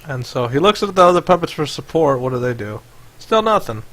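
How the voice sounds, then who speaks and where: A man's voice: on the high side, very animated, fairly quick, a bit bright, a little hiss or hum. Casual man running a tabletop game. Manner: loose, filler-heavy narration. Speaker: game master. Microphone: headset or desk mic on voice chat.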